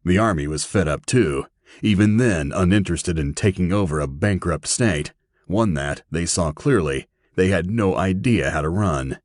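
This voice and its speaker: A man reading an audiobook with steady, even narration. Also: low-pitched, moderate pace, no room sound, clean studio sound.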